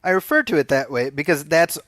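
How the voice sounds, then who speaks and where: A man's voice: on the high side, animated, a bit bright, no room sound, clean studio sound. A man in his forties co-hosting a podcast, chatting casually with wry humor and many restarts. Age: 40s. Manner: halting, restarts phrases, wry. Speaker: podcast co-host. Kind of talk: casual chat.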